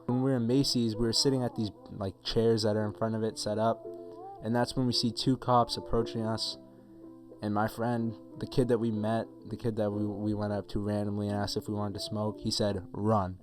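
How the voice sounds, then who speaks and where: Young male vlogger, low and quick, casual rambling story-time delivery, faint music bed. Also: little pitch movement. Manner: rambling, profane, filler-heavy retelling.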